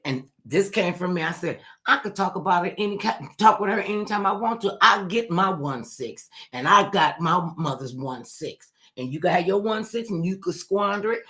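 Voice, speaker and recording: A woman radio host telling a family story with lively, animated delivery, acting out the voices of relatives. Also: fairly low pitch. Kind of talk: storytelling on a talk show.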